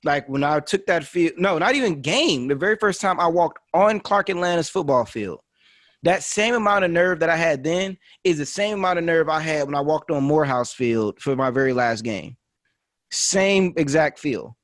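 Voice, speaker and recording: A young man with a fairly high voice argues his side in a casual panel debate. He makes his case earnestly and keeps repeating key phrases for emphasis. The sound is dry and close. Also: expressive, normal speed, fairly bright tone, dry recording. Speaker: podcast panelist.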